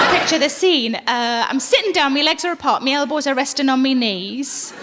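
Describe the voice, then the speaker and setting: A woman's voice: high voice, slow pace, pauses often, in a large hall, heavy background noise. A middle-aged woman performing a stand-up comedy set, telling stories bluntly and swearing freely. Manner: blunt, swearing, animated storytelling. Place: theater stage with live audience.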